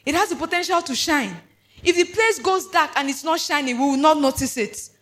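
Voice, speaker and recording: High, bright-voiced shouting preacher. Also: male voice, brisk. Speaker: pastor. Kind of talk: shouted charismatic sermon. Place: church before a congregation.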